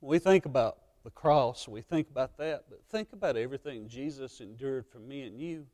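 A man preaching a sermon as pastor, emotional and impassioned, swinging between loud passages and hushed ones. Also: mid-range voice, moderate pace, hardly any pauses.

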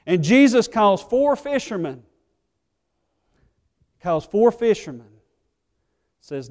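A male pastor preaching a sermon. He swings from fervent, loud pleading to quiet, earnest low tones. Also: sing-song, takes it slowly, pauses often. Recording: echoey hall reverb.

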